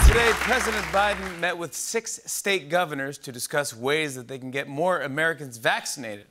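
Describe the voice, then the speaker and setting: Male late-night host, slightly high voice, loud crowd and room noise behind. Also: a little fast, few pauses. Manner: giggly, breaks into laughter at his own jokes. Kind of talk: comedy monologue. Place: TV studio with live audience. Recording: broadcast with loud audience laughter.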